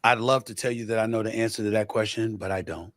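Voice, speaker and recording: Measured man in dry commentary. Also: fairly low pitch, fairly even intonation, dry recording. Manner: deliberate, weighs both sides. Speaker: sports show producer.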